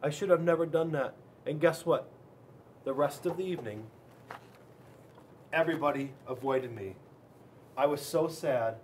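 A man, a police officer, reading a children's storybook aloud in an expressive, dramatic way with big swings in loudness. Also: on the high side, normal speed, pauses often, slight background noise.

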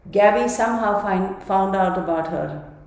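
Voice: medium pitch, normal speed. A tarot reader giving an emphatic reading, repeating and restarting phrases while thinking aloud. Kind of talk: tarot card reading video. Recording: very echoey room.

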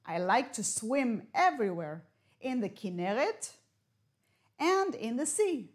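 Woman teaching English slowly. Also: fairly high pitch, sing-song. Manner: slow, clear teacher talk with riddles and Hebrew glosses. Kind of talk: broadcast classroom lesson.

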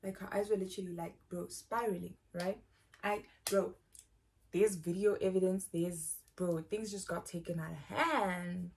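A woman's voice: on the low side, fairly even intonation, a little slow, gravelly, a little mellow, slight background noise. A young South African woman telling a casual storytime, rambling and slangy, often saying "bro". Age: young adult. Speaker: YouTuber.

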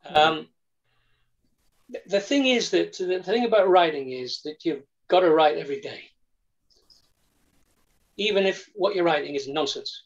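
A man's voice: a little high, expressive, unhurried, pauses often, muffled recording. A man on a publishing panel over a video call, protesting jokes with mock indignation and earnest when he gives writing advice. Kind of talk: panel discussion.

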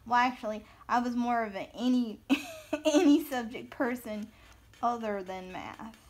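Slow, giggly woman coloring and chatting. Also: on the high side, a little mellow. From American South. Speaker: coloring video host. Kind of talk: casual chat while coloring.

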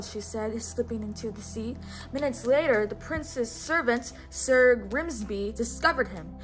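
A young woman reads a storybook aloud in a high, bright-toned voice, stopping often to coax a listener into repeating words. Her delivery is patient and encouraging, with soft music playing faintly behind her. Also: lively intonation, unhurried. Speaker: teacher.

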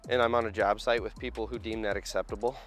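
A man's voice: fairly low pitch, steady tone, quick pace, faint music behind. A man operating heavy equipment, vlogging to a handheld camera on an outdoor job site, chatty and joking, tired after a long hot week. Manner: chatty, joking, self-deprecating. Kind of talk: casual vlog to camera.

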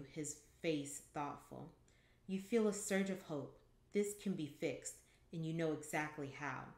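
A woman reading a short story aloud at home in a calm, measured way. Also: sits low. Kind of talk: audiobook-style story reading. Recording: echoey room.

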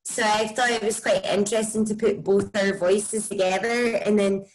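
A woman with a broad Scottish accent, a musician chatting casually and warmly about her music in an interview, with lots of "like" and "um". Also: medium pitch, fairly even intonation, normal speed, poor audio. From Scotland. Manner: chatty, enthusiastic, many likes and ums. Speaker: musician guest.

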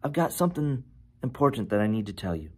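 Preacher doing a firm insistent teacher, raised voice, repeats the name. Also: male voice, mid-range voice, sing-song, quick pace, husky. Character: calm but firm teacher getting attention.

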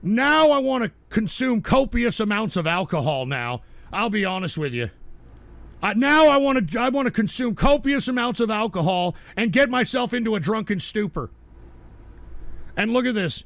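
High-pitched, gravelly-voiced man ranting on live radio. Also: moderate pace, no room sound. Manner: excitable, bursts into shouting and swearing. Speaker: radio show host. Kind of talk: live call-in radio rant.

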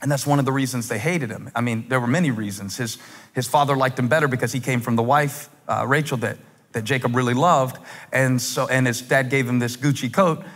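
A male pastor preaching an impassioned sermon with humor, at times breaking into shouts. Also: mid-range voice, brisk. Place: large church auditorium. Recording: long hall reverb.

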